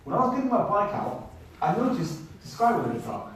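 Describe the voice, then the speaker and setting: A man telling a travel story to an audience in an animated way, speaking to them directly. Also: sits high, fast, a little hiss or hum. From United Kingdom. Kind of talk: storytelling talk. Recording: echoey hall, mic at a distance.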